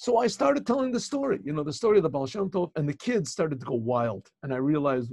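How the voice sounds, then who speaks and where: A man, a rabbi and teacher, telling a story in an animated way, often restarting and repeating phrases, over a video call. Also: fairly high pitch, fairly quick, creaky, hardly any pauses, slightly rough, no echo. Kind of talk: storytelling talk.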